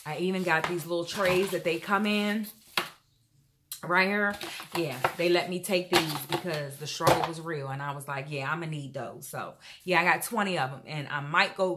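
A woman chatting casually to her viewers in an animated haul vlog, calling them y'all and feeling a little unwell. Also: on the low side, moderate pace, background noise. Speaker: vlogger.

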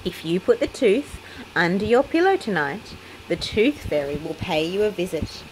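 A woman voicing a kind mother pig in a children's storybook, speaking gently. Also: on the low side, lively intonation, normal speed, a little hiss or hum, natural voice, poor audio. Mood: soothing. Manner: soothing, then bright.

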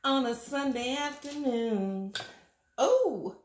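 A woman's voice: sits high, expressive, takes it slowly. A woman hosting a mukbang, chatting casually and giggling while she eats, sitting on a couch indoors. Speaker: mukbang host. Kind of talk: casual chat while eating. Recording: echoey room.

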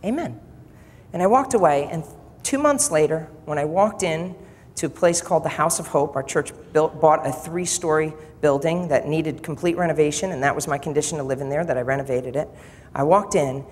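A man preaching to a college chapel audience, telling stories in an animated, joking way. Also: fairly high pitch, fairly quick, breathy edge. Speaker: pastor speaking in a college chapel. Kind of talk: sermon. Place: chapel hall. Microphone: PA microphone. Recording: long reverb hall with faint noise.

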